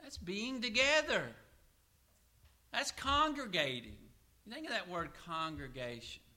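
A middle-aged man preaching a sermon, asking questions and answering them himself, and slowing down to read scripture aloud. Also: high voice, big pitch swings, bright, forceful tone. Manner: asks and answers his own questions.

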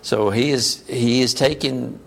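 A man delivering a sermon at an unhurried pace, with a gravelly, creaky edge to his voice. He teaches conversationally and keeps turning to the congregation with questions. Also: mid-range voice, fairly even intonation. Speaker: preacher.

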